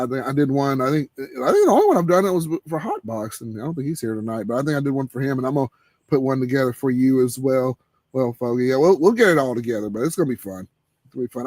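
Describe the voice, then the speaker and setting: A man hosting a live cigar show in casual chat, laid-back and laughing, trailing off into low murmurs. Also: no echo.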